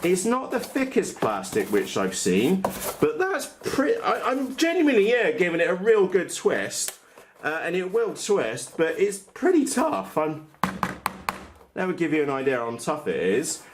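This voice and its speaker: A man's voice: sits high, huge pitch swings, unhurried, slight background noise. Chatty man unboxing on a workbench. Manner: chatty, blunt, frequent uh fillers and self-corrections. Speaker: RC model hobbyist vlogger. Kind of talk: casual unboxing commentary.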